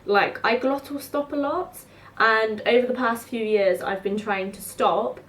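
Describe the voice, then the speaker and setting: A student vlogger in her 20s from South East London tells rambling stories to camera, chatty and full of "like." Her voice is fairly high, a bit bright, and unhurried.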